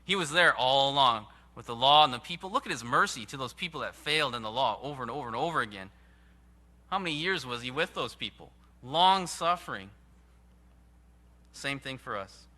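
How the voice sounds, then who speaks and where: Bright-voiced man preaching with emphasis. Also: medium pitch, lively intonation, fairly quick. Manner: earnest, emphatic preaching with sudden rises and hushed drops. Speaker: pastor. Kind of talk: sermon.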